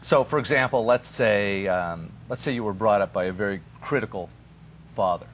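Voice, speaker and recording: A man as a therapist guest on a TV talk show, giving relationship advice in an animated, storytelling way. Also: on the low side, moderate pace, slight background noise. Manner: animated storyteller who acts out quoted voices.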